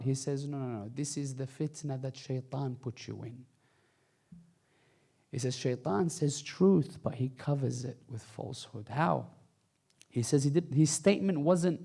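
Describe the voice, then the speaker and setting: Gravelly man preaching with rising fervor. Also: mid-range voice, normal speed, warm tone. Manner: impassioned, rising and falling delivery with Arabic recitation. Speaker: speaker. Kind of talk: sermon. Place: mosque hall.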